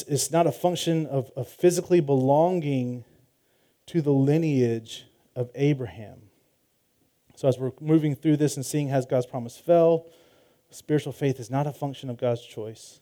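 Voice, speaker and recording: Man preaching in a casual, halting way. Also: medium pitch, warm tone. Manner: conversational preaching with fillers and restarts. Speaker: pastor. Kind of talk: sermon.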